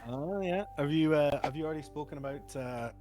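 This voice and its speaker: A man's voice: fairly high pitch, a little fast, music in the background. A man from Scotland with a Scottish accent, chatting casually on a live stream and telling stories with a joking manner. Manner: chatty, jokey storyteller who laughs often. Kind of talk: casual chat.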